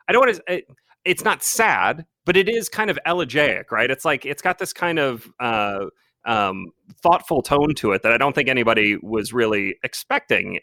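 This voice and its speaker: A man with a lively, swinging pitch and a bright tone asks long, winding questions, restarting his phrasing as he goes. The sound is dry and close, as an interview host would be recorded. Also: dry recording. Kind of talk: conversational interview.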